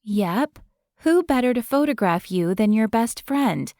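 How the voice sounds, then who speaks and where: A woman's voice: a little high, expressive, unhurried, dark tone, dry recording, studio quality. A woman voicing a confident young woman stylist who talks in an upbeat, bossy, coaxing way.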